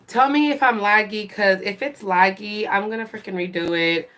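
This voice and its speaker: A woman's voice: mid-range voice, moderate pace, sharp tone. A young woman chatting casually on a phone livestream, venting that she is fed up and swearing casually. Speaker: livestream host. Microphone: phone camera.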